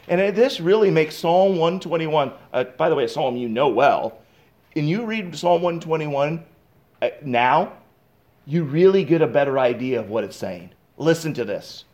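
High-voiced preacher with dynamic delivery. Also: male voice. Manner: dynamic, swings loud and soft, reads scripture slowly. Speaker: pastor. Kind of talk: expository sermon.

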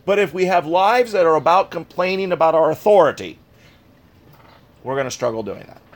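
A man preaching a sermon with an earnest, conversational delivery. His voice sits fairly high for a man, and he repeats phrases to drive each point home. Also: lively intonation, brisk. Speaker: pastor.

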